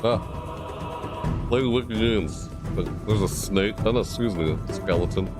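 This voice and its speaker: Over loud music, a man with a voice on the low side talks slowly through a gaming video. His reaction is casual and rambling, full of stop-start thoughts and sudden screeching impressions at high volume.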